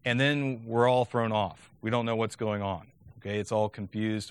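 A man's voice: on the low side, fairly even intonation, moderate pace, no echo. A man giving a lecture on teaching Latin, talking conversationally and often checking in with "okay?".

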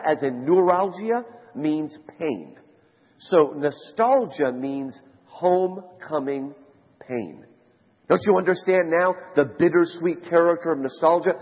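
A man giving a conference lecture to a live audience, telling stories in an animated way. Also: breathy edge. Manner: animated storyteller, rising to high excited shouts. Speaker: conference speaker. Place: large conference hall. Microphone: handheld mic. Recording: lo-fi hall recording with long reverb.

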